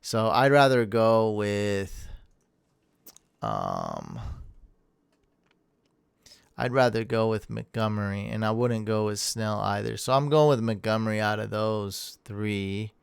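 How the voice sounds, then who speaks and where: Energetic man with a smooth voice. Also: fairly low pitch, takes it slowly, long pauses, no room sound. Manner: energetic, rambling, laughs at himself. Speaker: podcast host. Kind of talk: casual chat.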